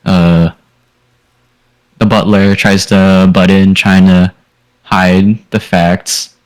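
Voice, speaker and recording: A man with a very low, deep voice recaps the last session of a tabletop game for the group. He talks in a loose, casual way and drops in fillers as he goes. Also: flat delivery, extremely slow, darkish tone, rough recording. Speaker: player.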